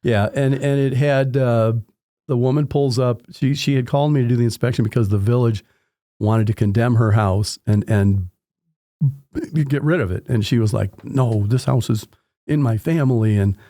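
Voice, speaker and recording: Male home inspector guest, warm dark timbre, dry close mic, lively storyteller. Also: mid-range voice, normal speed, no echo. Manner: animated anecdotes with acted-out dialogue. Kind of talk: conversational storytelling.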